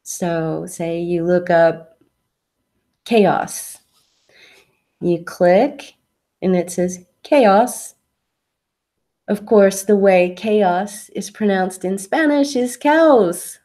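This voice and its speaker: A woman teaching English online, explaining pronunciation tips patiently with examples. Her voice is soft and mellow, and she talks at an unhurried, deliberate pace, as if giving the student time to follow. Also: on the low side. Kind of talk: online English lesson, answering a student's question.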